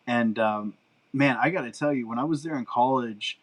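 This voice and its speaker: Man, middle-aged, podcast co-host, casual chat, animated, laughs a lot. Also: mid-range voice, normal speed, rough recording. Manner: animated storyteller, laughs often, voice jumps up when excited.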